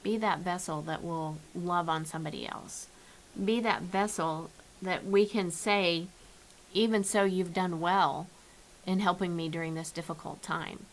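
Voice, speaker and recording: A woman's voice: fairly low pitch, steady tone, unhurried, slight background noise, poor audio. Earnest woman giving a homespun devotional. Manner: earnest, repeats and restarts words. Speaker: church devotional speaker. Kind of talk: informal devotional message. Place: at home, with her dog nearby.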